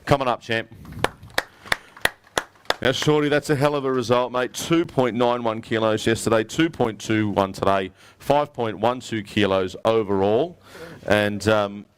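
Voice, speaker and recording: A man's voice: fairly low pitch, unhurried, a little hiss or hum. An Australian man emceeing a live prize presentation at an outdoor weigh-in, upbeat and matey as he calls up each winner. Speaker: tournament emcee.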